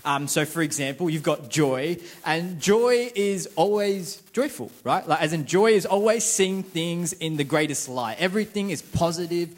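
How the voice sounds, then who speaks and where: High-voiced chatty man preaching. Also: moderate pace, hardly any pauses. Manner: chatty, self-mocking, quizzes the crowd. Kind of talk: casual sermon with jokes. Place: church service before a congregation.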